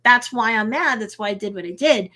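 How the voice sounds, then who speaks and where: A woman's voice: fairly high pitch, lively intonation, fairly quick, bright, forceful tone. A woman, an attorney, casually recapping an episode on a live stream, talking loosely with many fillers. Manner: briefly acts out quotes. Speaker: attorney hosting a reaction show.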